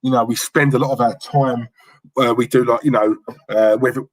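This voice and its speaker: A man's voice: mid-range voice, fairly even intonation, moderate pace, no room sound, low-quality recording. A man in his thirties, hosting a live fan stream and ranting in frustration, repeating himself and calling out names from the chat.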